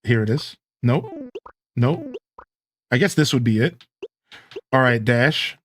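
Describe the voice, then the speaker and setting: In a slow, mid-range voice, a man streams a modded life-sim game live and chats easily with viewers and himself, using relaxed slang.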